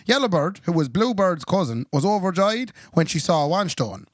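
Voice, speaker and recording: A wry man on a podcast, working through a long joke. His voice sits fairly high and moves around a lot. The sound is close and dry. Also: very animated, normal speed, no room sound. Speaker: podcast co-host. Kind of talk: casual podcast chat, telling a joke.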